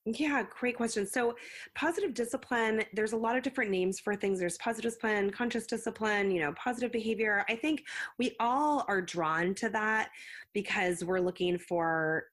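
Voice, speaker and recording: A woman's voice: medium pitch, normal speed, a bit bright. A woman, a school psychologist and counselor, answering interview questions in an earnest, explanatory way, often acting out what she says to children. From United States. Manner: earnest, explanatory, acts out parent-child quotes.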